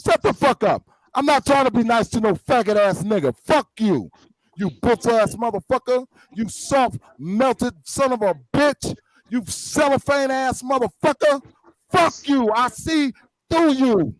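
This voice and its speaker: A man's voice: extremely high pitch, lively intonation, measured pace, no room sound, low-quality recording. A man in a heated argument, cursing and ranting angrily. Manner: angry, profane ranting.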